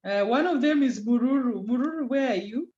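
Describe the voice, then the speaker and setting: A woman teaching a class online, slowing down to stress key terms and teasing students by name. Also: a little high, animated, a little mellow. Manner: code-switches into Swahili, teasing students by name. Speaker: communication skills lecturer. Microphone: video call. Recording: lo-fi video call audio.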